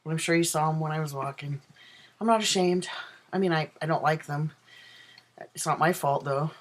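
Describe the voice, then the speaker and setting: A man's voice: a little high, moderate pace, low-quality recording. A transgender man chatting in a casual video diary from his apartment, rambling with many ums and self-corrections. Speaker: vlogger. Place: own apartment.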